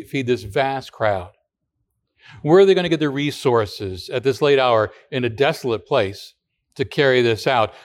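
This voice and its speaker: A male pastor preaching a sermon in a conversational way, asking the congregation rhetorical questions and restarting words now and then. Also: mid-range voice.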